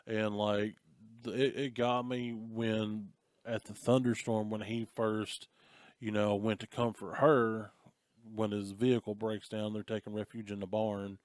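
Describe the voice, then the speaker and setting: A man's voice: on the low side, flat delivery, unhurried, dry recording, clean studio sound. A man co-hosting a podcast, casually and animatedly retelling a movie plot. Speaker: podcast co-host. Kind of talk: casual chat.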